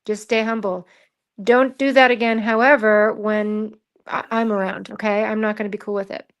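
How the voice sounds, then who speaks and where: A woman from California chatting casually on a livestream, talking haltingly with many pauses and restarts. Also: medium pitch, flat delivery, clear, resonant tone. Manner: halting, lots of ums and restarts. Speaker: livestream guest. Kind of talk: casual chat.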